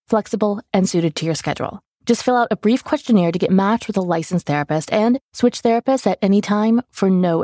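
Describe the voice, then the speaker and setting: A woman co-hosts a podcast in a mid-pitched voice, reading a sponsor spot and joking around with a playful, teasing manner. She is recorded close on a dry studio mic with no echo. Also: warm tone. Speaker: podcast co-host. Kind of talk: casual chat and ad read.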